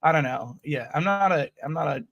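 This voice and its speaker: A man's voice: a little high, animated, fairly quick, vocal fry, lo-fi sound, crowd noise. A man guest on a sports stream, chatting casually and teasing the host, often hesitating and trailing off mid-sentence. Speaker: guest analyst.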